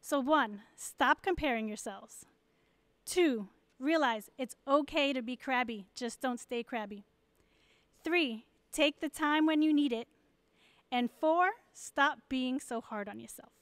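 Woman, church message to moms: high, clear voice, dry close sound, candid and encouraging. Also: measured pace, a bit bright, no echo. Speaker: pastor's wife.

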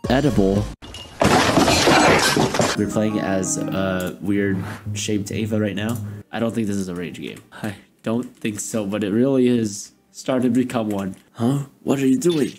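A man's voice: fairly low pitch, unhurried, dark tone, faint music behind. A young man commentating his gameplay in a playful, self-mocking way, exclaiming and laughing as he goes. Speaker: gaming YouTuber. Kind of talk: let's play commentary.

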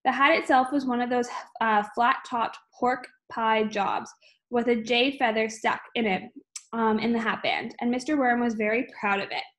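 A woman reading a children's book aloud at an unhurried pace, with frequent small slips and restarts. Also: fairly high pitch, fairly bright tone. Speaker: reader.

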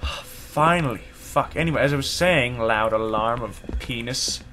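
A young man commenting on a horror game he plays in his room, easily startled and swearing, yelling at noises. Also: medium pitch, unhurried. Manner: jumpy and profane, yelling at loud noises. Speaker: gaming let's play host. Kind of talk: let's play commentary. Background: game music.

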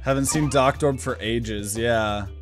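A man's voice: mid-range voice, a little slow, faint music behind. A man giving casual let's-play commentary, thinking aloud as he plays. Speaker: gaming channel host.

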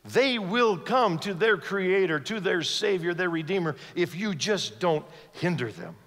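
A man's voice: high voice, expressive, measured pace, fairly bright tone. Man preaching a storytelling sermon in a reverberant church. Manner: storytelling, acting out voices of the people in the story. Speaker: guest preacher. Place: large church sanctuary. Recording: long hall reverb from a church sanctuary.

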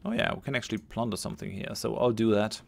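A man's voice: on the low side, fairly even intonation, quick pace, vocal fry. A man hosting a let's play, thinking aloud as he plays and reads game text aloud. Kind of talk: gameplay commentary.

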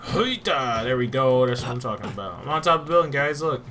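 A man's voice: medium pitch, lively intonation, fast talker, bright, forceful tone, slight background noise. A young man giving casual gameplay commentary, joking and swearing. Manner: swearing, joking, easily startled. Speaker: gamer.

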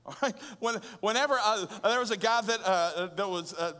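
Male pastor, high bright voice, animated conversational preaching, big reverberant hall. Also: normal speed, clean tone. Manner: conversational and animated, with rhetorical questions and humor. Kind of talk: sermon. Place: large church auditorium.

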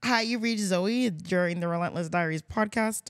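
A woman hosting a podcast in casual chat, talkative and quick to laugh. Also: on the low side, no echo, studio quality. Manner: chatty, laughs often, easily distracted. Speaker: main podcast host. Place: podcast studio.

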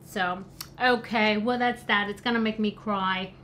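A woman vlogger unboxing a gift in a casual chat, gushing and excitable, with gasps and soft exclamations. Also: medium pitch, unhurried, slight background noise, rough recording.

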